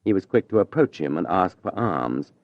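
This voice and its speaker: A man narrates an audiobook in a measured, even way, with a somewhat low voice. The sound is dry and dull, as on a lo-fi recording. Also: dry recording.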